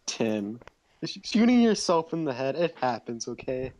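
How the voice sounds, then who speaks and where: A man's voice: medium pitch, big pitch swings, a little slow, a little mellow, poor audio. A young man playing a tabletop game, teasing the others sarcastically. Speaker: player. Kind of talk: teasing casual chat.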